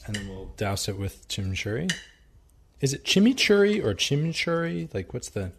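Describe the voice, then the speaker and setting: A man's voice: lowish voice, a little fast, slight background noise. A man chatting casually while cooking at home, joking and thinking aloud with restarts. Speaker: home cook. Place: home kitchen, indoors.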